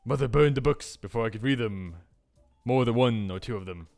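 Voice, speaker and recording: A man's voice: mid-range voice, a little fast, creaky, a little mellow, faint music behind, natural voice. A man reading as an indignant cursed princess. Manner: indignant, confused.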